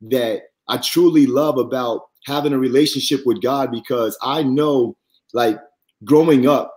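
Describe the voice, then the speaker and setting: A man appearing as a podcast guest earnestly shares a faith-centered personal testimony at an unhurried pace. He grows animated, his voice rising high whenever he quotes others.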